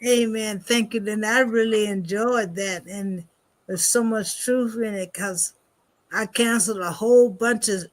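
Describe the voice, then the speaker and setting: A woman chatting casually after a church talk, halting and filling pauses with "uh" and little chuckles. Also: mid-range voice. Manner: slow and halting, with many "uh" fillers and chuckles. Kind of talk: casual chat.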